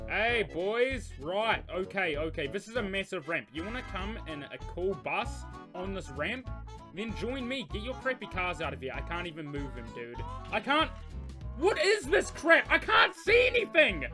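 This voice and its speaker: A young man giving excitable gameplay commentary, breaking into loud yells and squealing laughter. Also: high-pitched, moderate pace, music in the background. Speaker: gaming YouTuber.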